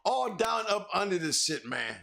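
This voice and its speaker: Man, co-host, high voice, gravelly, loose profane chat. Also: big pitch swings, normal speed, a loud crowd. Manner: laughing, teary-eyed, profane. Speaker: podcast co-host. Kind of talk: casual chat. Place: on camera under a bright light.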